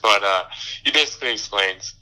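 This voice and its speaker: A young man co-hosting a podcast launches into an angry, profane rant during casual film review chat, laughing through parts of it. His lowish voice is brisk and sharp-toned, and the audio quality is poor.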